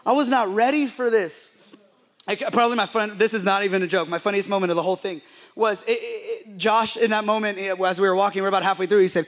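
High-voiced man preaching with comic flair. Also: fast. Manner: animated, comic storytelling with acted quotes. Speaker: pastor. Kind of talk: storytelling sermon.

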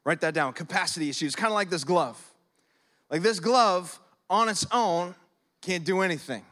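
A man in his thirties or forties, a pastor preaching a sermon in a lively, conversational way, using props and acting out prayers. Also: sits high, moderate pace. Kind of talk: sermon with object lessons. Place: church service.

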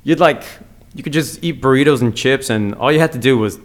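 A man runs his own solo comedy podcast, rambling casually and swearing freely. His delivery is excitable and loose, at an ordinary male pitch. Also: fairly quick.

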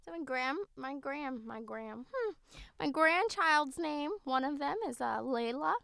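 A woman's voice: sits high, lively intonation, measured pace, gravelly, pushed and bright, no echo, clean studio sound, full character voice. A woman playing Agnes, a doting, chatty old grandmother in a comedy sketch, fussy and theatrical. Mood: rambling.

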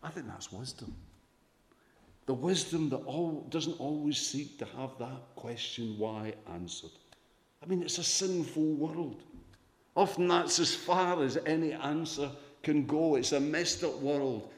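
A pastor preaching a sermon, earnest, swelling for emphasis and dropping soft. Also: male voice, a little high, a little slow. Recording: echoey hall reverb.

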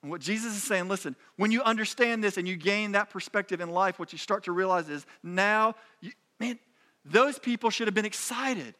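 A man's voice: high voice, fairly quick, sharp tone. A man preaching a sermon in a conversational, emphatic way, often restarting his phrases. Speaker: pastor.

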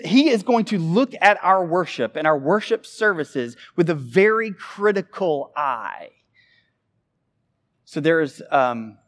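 A pastor delivers a sermon in a voice pitched a little above the usual for a man. He preaches with animation, swinging between loud, emphatic peaks and quiet, low asides.

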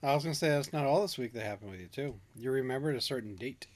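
A woman with a low voice co-hosts a casual podcast. Her pitch moves freely as she teases. She swears offhandedly and laughs a lot. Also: animated, fast talker, darkish tone. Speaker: podcast co-host. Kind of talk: casual chat.

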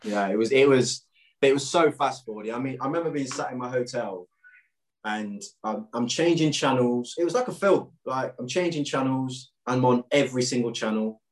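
A man at an everyday middle pitch spins an animated story from his playing days. He talks casually and doubles back on himself. He fills the telling with "um"s and acted-out lines from other people. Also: moderate pace. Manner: animated anecdote-telling with quoted dialogue and frequent fillers. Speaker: former footballer guest.

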